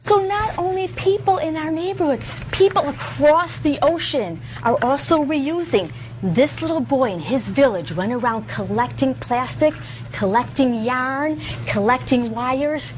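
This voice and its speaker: A woman leading an interactive lesson for young children, with an animated sing-song teacher voice that swoops high when she praises them. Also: measured pace, a little hiss or hum. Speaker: visiting presenter teaching children. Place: school room with children.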